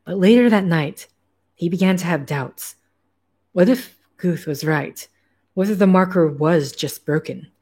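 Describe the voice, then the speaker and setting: A woman reading a novel aloud in a casual, steady way, now and then breaking off for offhand asides. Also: lowish voice, unhurried, husky. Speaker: narrator.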